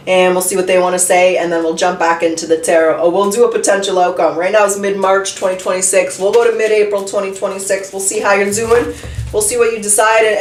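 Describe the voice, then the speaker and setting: A woman giving a casual tarot reading, chatty and candid, thinking aloud as she draws each card. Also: mid-range voice. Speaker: tarot reader. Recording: roomy, distant from the mic, faint noise.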